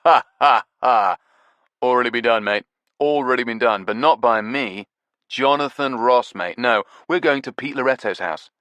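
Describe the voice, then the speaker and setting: A man voicing a brash, excitable male TV presenter who talks loudly and laughs at his own jokes. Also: mid-range voice, moderate pace, clean tone, no echo, close to an everyday voice. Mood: jokey. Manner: loud, pushy, slangy, laughs at own jokes. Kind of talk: audiobook character voice.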